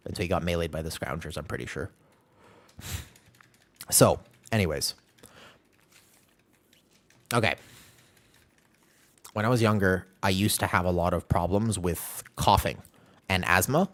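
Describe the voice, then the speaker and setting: A man streaming a game, chatting casually and rambling while answering his chat. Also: fairly low pitch.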